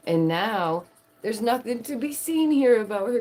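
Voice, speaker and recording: A woman vlogger giving sarcastic, animated commentary and laughing often. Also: a little high, measured pace. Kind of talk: casual opinion commentary.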